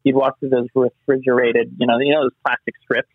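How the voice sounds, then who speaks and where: A man telling animated stories as an interview guest, acting out the voices he quotes. His voice comes through slightly husky and very dry, with no room around it. It sounds squeezed into a narrow, phone-like band. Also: medium pitch, fairly quick, dry recording. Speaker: actor guest. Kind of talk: casual interview anecdotes. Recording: muffled phone-line sound.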